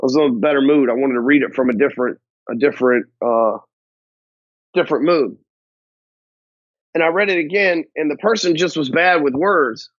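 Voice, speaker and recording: A man with a fairly high voice gives a blunt, swear-filled motivational business talk straight to camera. The sound is dull and lo-fi, with a dry, close feel and no room echo. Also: normal speed, pauses often. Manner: blunt, heavy swearing, slangy grammar. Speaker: business coach.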